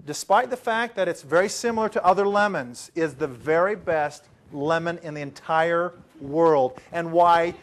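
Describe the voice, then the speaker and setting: A male trainer with a fairly high voice speaks to a room of learners. He tells stories animatedly, dropping to a hush and then rising loud. He works a live training session. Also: normal speed, few pauses. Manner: animated, swings from hushed to loud. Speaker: presentation trainer. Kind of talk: lively storytelling to a training group.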